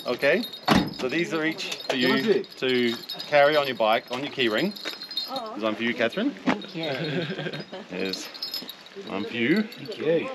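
A man hosting a travel vlog outdoors in a mountain town, speaking in a reflective, softly awed way as he leads a tour. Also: medium pitch. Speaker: tour leader and vlog host. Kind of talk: casual travel vlog narration. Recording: outdoor street crowd behind.

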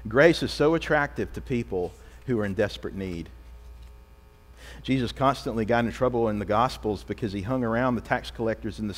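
Animated preaching man in reverberant church. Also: on the low side. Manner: animated preaching, acts out quoted voices. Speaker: pastor. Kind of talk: sermon. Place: church sanctuary.

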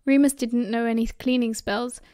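British woman, audiobook narrator, steady storytelling, slightly high voice. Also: normal speed. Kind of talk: fan audiobook reading.

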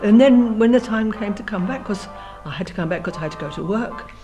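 A woman's voice: medium pitch, lively intonation, brisk, over music. Elderly woman recalling her childhood. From London. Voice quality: frequent restarts and repeated words while remembering. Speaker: oral history interviewee. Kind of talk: reminiscing, telling a life story.

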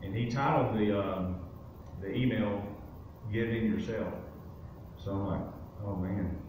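A man gives a guest testimony during a church service, recounting a personal story in a casual way with lots of fillers. His voice is low-ish and a bit slow. The recording was made from a distance in a very echoey sanctuary, and background noise can be heard.

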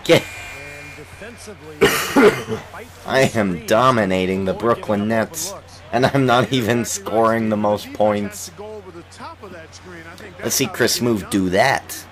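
A young man with a lowish voice talks over a basketball video game in loose, excitable commentary. He coughs now and then while getting over an illness and trash-talks the players on screen. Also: slow pace, pauses often. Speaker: gaming YouTuber. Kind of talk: casual let's-play commentary.

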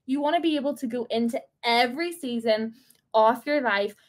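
A woman's voice: a little high, normal speed. A woman in her twenties leading a casual faith talk for a group, playful and encouraging, laughing often. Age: 20s. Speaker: small group leader.

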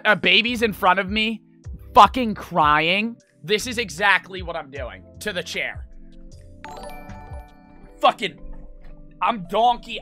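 A young man chatting with a streaming audience, telling rambling, profane stories full of "like" fillers. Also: high-pitched. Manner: rambling, animated, swears a lot, many "like" fillers. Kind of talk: casual storytelling chat.

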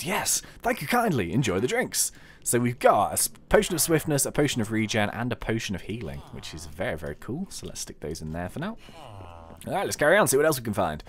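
A man hosting a game video, chatting excitedly and thinking aloud as he plays. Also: on the low side, brisk. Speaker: gaming video host. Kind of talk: let's play commentary.

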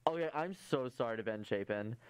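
A man's voice: mid-range voice, animated, fairly quick, clear, resonant tone, no echo. A young man co-hosting a campus radio show, chatting casually with rambling, joking, self-interrupting talk. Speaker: co-host. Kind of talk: casual chat. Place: campus studio.

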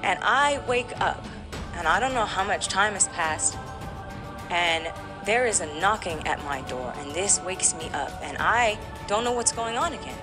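A woman guest in a candid podcast interview, telling a painful personal story with animated emotion. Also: medium pitch, unhurried, over music.

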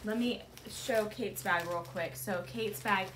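A woman's voice: medium pitch, a little slow, a bit bright, slight background noise. A woman in her thirties, a mother hosting a casual unboxing with her kids, gushing and easily moved. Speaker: mother and channel host.

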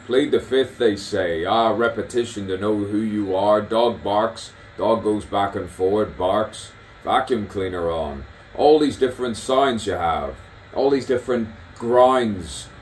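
A poet and artist talks outdoors in a rambling, stream-of-consciousness monologue, musing aloud and repeating his own phrases again and again. His voice is fairly low, picked up by a distant mic with faint outdoor ambience and slight background noise.

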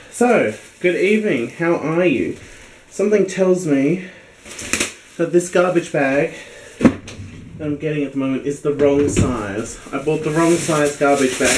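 A man's voice: on the high side, very noisy. A man with a cold, sneezing and coughing, chatting casually and rambling to camera in a home video blog. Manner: rambling, chatty, self-mocking. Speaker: daily video blogger.

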